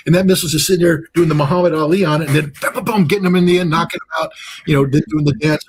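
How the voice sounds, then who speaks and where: A man's voice: fairly high pitch, brisk, breathy edge. A man speaking as a guest analyst in an interview, blunt and sarcastic and often joking. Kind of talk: animated interview commentary.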